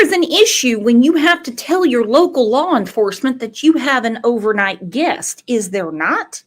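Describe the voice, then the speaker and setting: A woman's voice: on the high side, animated, normal speed, few pauses. A woman, a true crime commentator telling sarcastic, profane stories in casual chat. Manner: salty, sarcastic storytelling with swearing.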